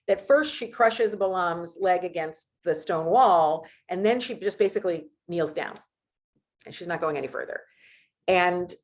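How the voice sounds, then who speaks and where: Woman giving a casual Torah talk. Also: lowish voice. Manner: conversational, many restarts and asides. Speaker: service leader.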